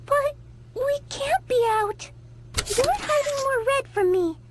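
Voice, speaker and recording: A woman's voice: very high voice, lively intonation, slow pace, heavily acted. A woman voicing a cartoon creature painter who turns possessive and accusing. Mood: demanding. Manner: polite then possessive, accusing. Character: sweet-turned-demanding unicorn painter creature. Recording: loud background noise.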